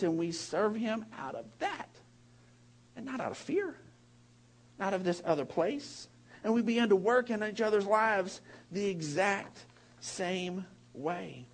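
A man preaching a sermon, animated and emphatic, with rambling asides, restarts and bursts of laughter. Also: a little high. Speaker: pastor.

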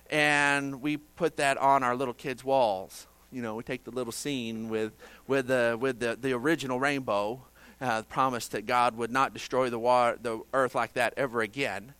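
A male pastor preaching a sermon conversationally, moving from hushed, quiet stretches to fervent, raised passages, with dry sarcastic asides. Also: mid-range voice, fairly even intonation, moderate pace, clean tone, no room sound.

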